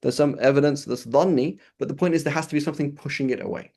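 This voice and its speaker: A man teaching a class on an Arabic legal text. He reads Arabic quickly, explains it in English, restarts sentences often and keeps checking whether the students follow. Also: on the high side, fairly even intonation, warm tone, breathy edge. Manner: explanatory, often checks understanding with "right?" and "okay?"; hesitant restarts and fillers while searching for words. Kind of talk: classroom lecture.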